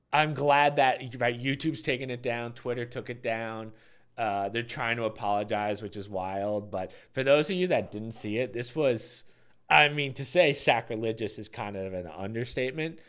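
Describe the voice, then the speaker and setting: A man's voice: medium pitch, clear, resonant tone. Chatty young man hosting a podcast. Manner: chatty, stumbling restarts, laughs often. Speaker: podcast host. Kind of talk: casual chat. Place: ground-floor home.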